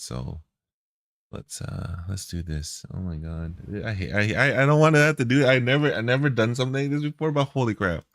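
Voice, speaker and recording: A man's voice: low-pitched, dry recording, studio quality. A man streaming a reaction video, talking in a heated, profane, repetitive way.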